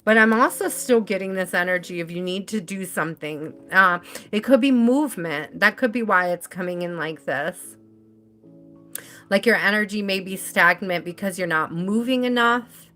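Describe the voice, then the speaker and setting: A woman talks through a live tarot reading in a loose, rambling, chatty way, laughing easily. Her voice is bright and clear. Soft music plays faintly behind her. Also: medium pitch, normal speed. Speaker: tarot reader.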